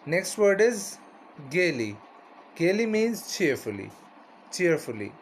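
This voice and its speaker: A man's voice: fairly high pitch, expressive, takes it slowly, a little hiss or hum. A man teaching a vocabulary lesson, repeating each word and its meaning and often asking "right?".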